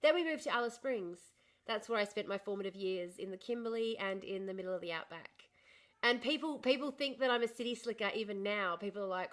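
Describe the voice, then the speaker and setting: A woman's voice: medium pitch, animated, brisk. A middle-aged woman from northern Australia with a posh Australian accent, chatting casually on a livestream and answering comments. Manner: chatty, reads and answers comments, laughs often. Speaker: livestream host.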